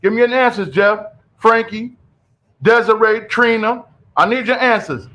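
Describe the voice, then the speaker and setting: A man hosting a radio show in casual, animated chat, calling out to his co-hosts and listeners. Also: high-pitched, rough recording. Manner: animated, loud, quick repeated calls of "yo".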